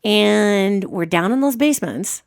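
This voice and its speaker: A woman hosting a podcast as a medium, an animated storyteller who acts out quotes in casual chat. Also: mid-range voice, measured pace, gravelly. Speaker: host and medium.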